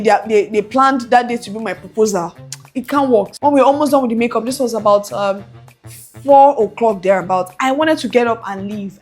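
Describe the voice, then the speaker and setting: A young woman, her voice on the high side and slightly rough, tells her viewers a personal story as a vlogger. The storytelling is casual and animated, and she acts out the voices of the others in it.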